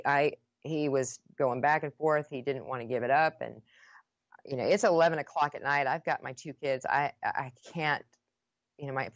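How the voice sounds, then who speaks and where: A woman's voice: a bass voice, no echo, highs cut off. A woman guest on a podcast, earnestly retelling a painful personal story with many restarts.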